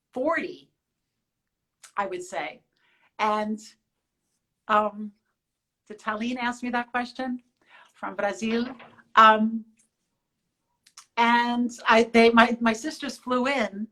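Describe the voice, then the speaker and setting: A woman's voice: medium pitch, rough recording. Woman in her 40s chatting live with fans, mid voice, keeps restarting sentences, telling stories. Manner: chatty, warm storytelling with many restarts. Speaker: show host.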